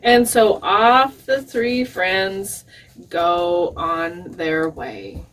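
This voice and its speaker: A woman librarian telling a traditional folk tale at storytime, expressive and playful, with asides to the children. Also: fairly low pitch, extremely slow, recorded from a distance. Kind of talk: storytime reading.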